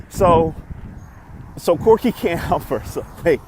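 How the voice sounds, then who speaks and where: A young man telling a story on his vlog, excitable and animated, swinging between loud outbursts and quiet asides as he acts out lines. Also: high voice, normal speed, noisy background. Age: young adult.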